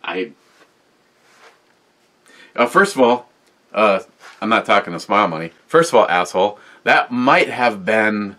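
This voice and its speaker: A wisecracking man in his sixties with a fairly low voice hosts a beer review in loose, rambling chat to camera. He swears freely, wanders off topic and trades jabs with his voice assistant. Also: lively intonation, unhurried, pauses often, pushed and bright. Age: 60s. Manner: talks back to a voice assistant.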